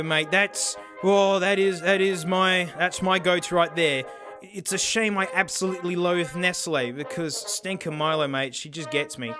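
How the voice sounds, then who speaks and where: Excitable Australian host, high-voiced, slangy, music underneath. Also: male voice, normal speed. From South Australia. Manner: excitable, slangy, says "mate" constantly. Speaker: tech reviewer and host. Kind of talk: comedic video monologue. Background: background music.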